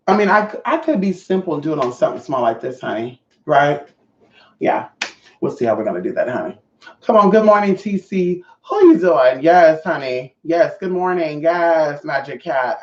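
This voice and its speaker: A man's voice: high-pitched, roomy sound, highs cut off. A sassy man chatting casually on a livestream, swearing freely and greeting viewers by name. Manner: sassy, profane, chatty, reads viewer comments. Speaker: vlogger.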